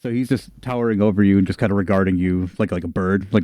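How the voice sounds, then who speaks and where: A man narrates a tabletop game as game master, relaxed and joking. His voice is fairly low, and the recording is close and dry. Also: fast, hardly any pauses, no room sound. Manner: casual, laughing asides.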